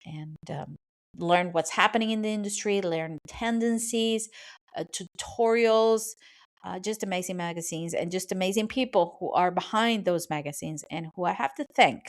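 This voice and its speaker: A woman's voice: medium pitch, moderate pace. A woman hosting her podcast alone from a small soundproofed home office, chatty and apologetic, sometimes tripping over her words. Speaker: podcast host. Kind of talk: solo podcast monologue. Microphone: studio microphone.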